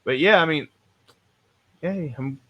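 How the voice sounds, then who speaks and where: A man's voice: a little high, takes it slowly, lo-fi sound. A man hosting a podcast, telling stories in a casual, rambling, self-mocking way and swearing freely. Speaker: podcast host.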